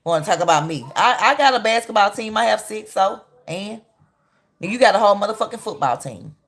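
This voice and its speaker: A woman's voice: mid-range voice, lively intonation, a little fast. A woman in her thirties hosting a casual livestream, reacting in a blunt, mocking and heated way. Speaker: livestream host. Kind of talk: casual live-stream commentary.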